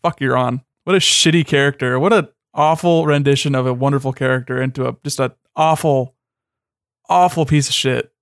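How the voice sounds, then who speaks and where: A man's voice: medium pitch, fairly quick, smooth, no echo, clean studio sound. A man in a casual chat, sardonic and swearing often, with lots of "like". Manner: sardonic, heavy swearing, many "like" fillers.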